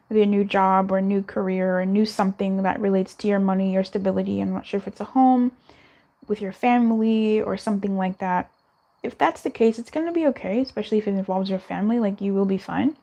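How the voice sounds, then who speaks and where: A woman's voice: mid-range voice, creaky, warm tone. A young woman doing a live tarot reading in a chatty, reassuring way, giggling and swearing now and then. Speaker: tarot reader.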